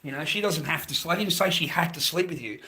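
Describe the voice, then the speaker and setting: A man's voice: on the high side, quick pace, pushed and bright. Crude ranting Australian man. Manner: crude, ranting, keeps saying mate. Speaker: livestreamer. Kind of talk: livestream chat rant.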